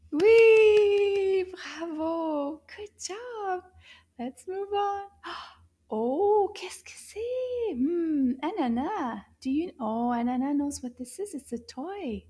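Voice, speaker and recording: Slow, high-voiced woman teaching children. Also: husky. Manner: slow, exaggerated and animated, with frequent gasps and hushed whispers. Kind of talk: children's language lesson.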